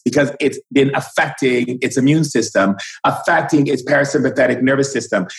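A man's voice: mid-range voice, poor audio. A man speaking as a spiritual guide in an impassioned, preachy way, acting out quoted conversations.

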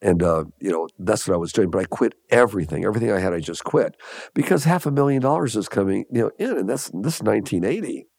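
Older man, low gravelly voice, interview guest, unhurried storytelling, dry close mic. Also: expressive, darkish tone, no room sound. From Los Angeles. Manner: leisurely, repeats phrases for emphasis, chuckles. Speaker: guest, entrepreneur.

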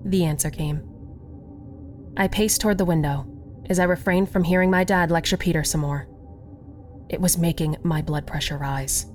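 A woman narrates a first-person horror tale in an expressive, scripted delivery. Her voice sits on the low side, with faint music underneath. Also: normal speed, long pauses.

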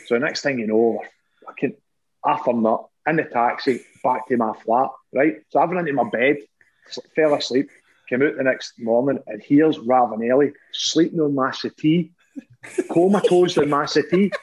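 A man's voice: medium pitch, normal speed, slightly rough, poor audio. A man with a Scottish accent, a former footballer, telling swearing, laughing anecdotes in casual chat.

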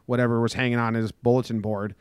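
A man's voice: mid-range voice, little pitch movement, fast, clean tone, no echo, studio quality. A young man co-hosting a casual podcast, laid-back and wry, swearing now and then. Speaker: podcast co-host. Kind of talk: casual chat.

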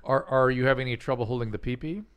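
An older man with an even, middle-pitched voice talks as a physician host. He speaks earnestly and explains things, often stumbling over his words and restarting before he reaches his point. The delivery is loose, conversational podcast chat. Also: rapid-fire, smooth. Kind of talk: casual chat and call-in advice.

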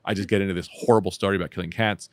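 A man hosting a comedy podcast, rambling and self-mocking, swinging between loud bursts and mutters. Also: deep voice, fairly even intonation, very fast, clear, resonant tone, no echo. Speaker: podcast host. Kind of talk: casual comedic chat.

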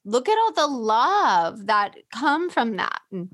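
A woman's voice: on the high side, very animated. A woman hosting a podcast, reacting with open emotion and talking frankly about addiction and connection. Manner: warmly emotional listener, quick to react. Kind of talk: candid conversation about recovery.

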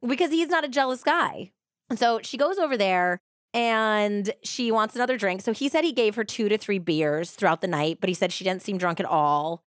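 A woman's voice: medium pitch, normal speed, dry recording, clean studio sound. A woman hosting a podcast, telling a true-crime story in a casual, chatty way with many "like" fillers. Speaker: podcast host.

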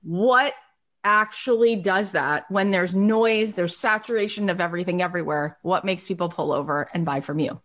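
A woman's voice: on the low side, normal speed, fairly bright tone. A woman hosting a podcast, talking in an emphatic coaching tone with rhetorical questions. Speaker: podcast host. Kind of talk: motivational interview chat.

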